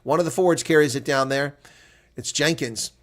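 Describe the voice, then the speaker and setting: Calling a rugby match live, this man reacts to the play in a voice on the high side at normal speed. His tone moves from measured analysis to excited yelling during the big moments.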